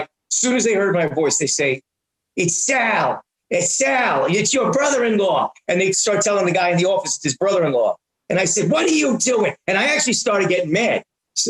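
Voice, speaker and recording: A man around sixty, a comedian guest telling animated stories and stumbling over repeated words. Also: sits high. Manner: excitable, repeats and restarts words often. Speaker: guest, prank-call comedian and voice actor. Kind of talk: animated anecdotal storytelling. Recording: roomy echo.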